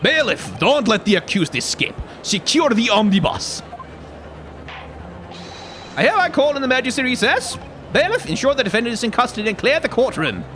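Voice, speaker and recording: A commanding male judge from a video game delivers his rulings in a formal, authoritative way, his pitch rising and falling with emphasis. He sounds stern and in control, as a man voices him while playing through the game. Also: sing-song, moderate pace, a bit bright, a little hiss or hum, full character voice. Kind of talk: let's play voice acting.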